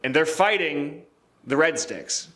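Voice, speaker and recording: A man's voice: a little high, animated, takes it slowly, a bit bright. A young man on a casual podcast recounts history in a loose, joking way. He swears freely, acts out the figures in goofy voices and laughs often. His sentences are full of fillers and restarts. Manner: loose and profane, acts out quotes in jokey voices. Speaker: podcast co-host.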